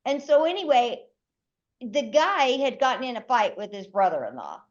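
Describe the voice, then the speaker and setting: A middle-aged woman co-hosting a podcast, telling a story in a lively, animated way and acting out the quotes. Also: fairly high pitch, moderate pace. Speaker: co-host. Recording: dull lo-fi podcast audio.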